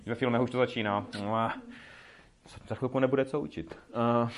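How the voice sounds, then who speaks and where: A man who grew up speaking Czech teaches a language class, explaining phrases through lively example dialogues. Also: mid-range voice, fast talker.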